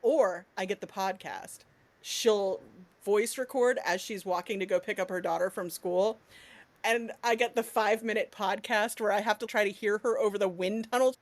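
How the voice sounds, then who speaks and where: A woman's voice: medium pitch, normal speed, dry recording. A woman co-hosting a podcast in casual chat, telling stories animatedly and laughing often. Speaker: podcast co-host.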